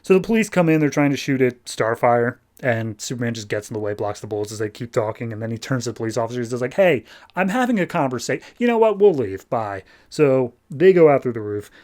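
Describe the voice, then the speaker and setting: A man hosting a comic book podcast recaps an issue in a casual, rambling way. His voice sits at a middling pitch. He drops wry, sarcastic asides as he goes. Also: fast talker, hardly any pauses, a little mellow.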